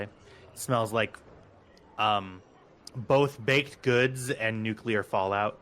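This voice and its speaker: A man narrating as game master of a tabletop game, unhurried, with many ums and casual asides. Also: fairly low pitch, steady tone, fairly bright tone, clear, resonant tone.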